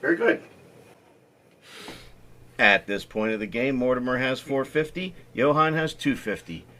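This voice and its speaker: A man runs a homemade trivia game show. He lays out the rules plainly and reads the clues slowly and carefully. His voice sits in the middle of his range and is picked up from a distance by the mic. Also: mid-range voice, expressive, bright, forceful tone.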